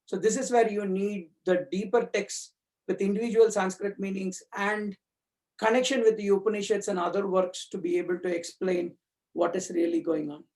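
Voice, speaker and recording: A man's voice: sits high, fairly even intonation, moderate pace, darkish tone. A man giving a thoughtful personal talk about his spiritual reading, searching for words with frequent fillers and restarts. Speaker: community speaker.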